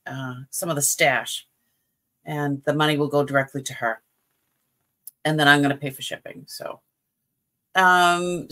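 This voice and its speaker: A middle-aged woman with a Boston accent chats her way through a live sale stream. She talks at an unhurried pace with a bright, forward tone, drifting off mid-thought and starting over. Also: lowish voice. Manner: chatty and scattered, trailing off and restarting, greeting viewers. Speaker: live jewelry sale host. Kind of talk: casual live-stream chat.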